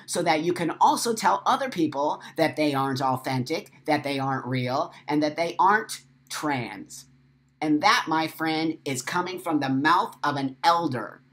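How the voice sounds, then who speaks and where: Slow, impassioned middle-aged man ranting. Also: fairly high pitch, a bit bright. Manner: emphatic, profane, emotional, repetitive. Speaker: host. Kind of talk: impassioned live-stream monologue.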